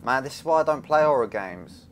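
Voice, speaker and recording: Lively intonation marks his medium-pitched voice, which moves a little fast over a slight hiss or hum. He's a young YouTuber in a small room, nervously swearing, rambling and jumping as he narrates a horror game let's play.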